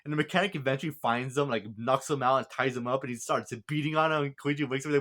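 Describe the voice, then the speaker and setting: A man giving a casual spoken movie review, retelling the plot in a rambling, excitable way with lots of restarts. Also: medium pitch, fast, few pauses.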